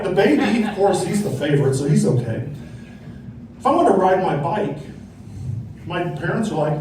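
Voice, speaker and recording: Middle-aged guy doing stand-up, high voice that swings all over, keeps tossing in "right?", super echoey club and mic kinda far off. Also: sing-song, moderate pace, pauses often, darkish tone, a little hiss or hum. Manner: tag question "right?" after punchlines, acted-out quotes. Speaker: stand-up comedian. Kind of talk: stand-up set. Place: comedy club stage. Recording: echoey club, mic from afar, faint crowd.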